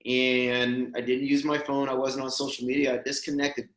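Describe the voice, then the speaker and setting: A man's voice: mid-range voice, flat delivery, normal speed, fairly bright tone. A man telling a heartfelt story as a podcast guest, earnest and emotional, often saying "man" and "dude". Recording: roomy echo.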